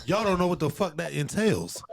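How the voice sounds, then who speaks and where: A man's voice: fairly high pitch, sing-song, moderate pace, creaky, soft background music. A man arguing bluntly and with profanity as a guest in a casual podcast debate.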